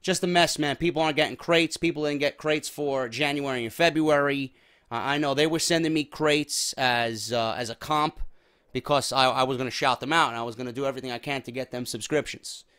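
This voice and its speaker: A man hosting his own wrestling channel talks off the cuff, in a loose, rambling way. He repeats himself and restarts his sentences, and he swears casually. His pitch sits in a middling range for a man. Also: fairly even intonation, a little fast, a bit bright, smooth. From New York. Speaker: wrestling show host. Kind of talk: casual YouTube chat.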